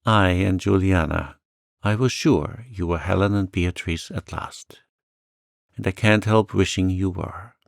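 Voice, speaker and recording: A man's voice: low voice, measured pace, gravelly, no echo, studio quality. A man voicing a lonely, sweet little old lady who talks in a chirpy, eager, fluttery way. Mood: wistful.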